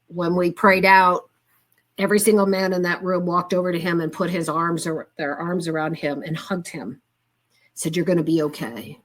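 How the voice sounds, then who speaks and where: Older woman telling candid stories. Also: on the low side. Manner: candid, chatty, with fillers and reported dialogue. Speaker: guest. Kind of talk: casual storytelling interview.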